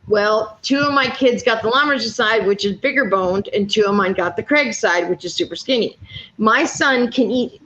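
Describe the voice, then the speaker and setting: A panel speaker in her fifties tells blunt stories packed with swearing during a relaxed chat. Her voice sits in the mid-range with a touch of brightness, and the recording sounds dull and lo-fi.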